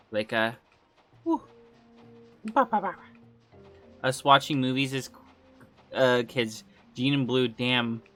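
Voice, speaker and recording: A woman's voice: extremely low pitch, a bit bright. A woman streaming a game, chatting casually with her chat, laughing often and swearing freely. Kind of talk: casual game livestream commentary, reading chat.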